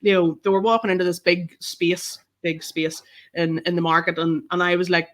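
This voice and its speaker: Animated Northern Irish woman telling stories. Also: fairly low pitch, moderate pace. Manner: animated storytelling, swears freely. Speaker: podcast guest, photographer. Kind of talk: casual chat.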